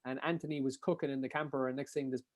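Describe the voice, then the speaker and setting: A young man with a Kerry Irish accent, a podcast guest telling rambling stories in a casual, quick way with lots of restarts. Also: mid-range voice, fairly even intonation, no room sound. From Dingle, County Kerry, Ireland. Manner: rapid, rambling, frequent restarts and fillers. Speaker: podcast guest, ultra runner. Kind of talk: casual anecdotal storytelling.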